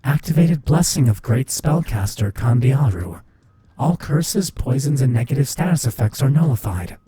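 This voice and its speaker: A cold male system voice, put on by a man, announcing in a flat tone. It sounds dark and murky through a filter, as if it comes from a game interface inside a storybook. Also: mid-range voice, moderate pace, husky, dry recording, voice pushed up.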